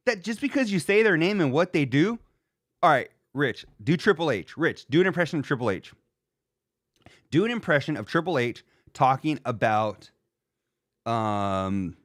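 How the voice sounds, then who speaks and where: A man's voice: medium pitch, fairly bright tone, no room sound, studio quality. A man hosting a casual live reaction stream, rambling and joking with plenty of fillers. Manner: loose, rambling, jokey, lots of fillers.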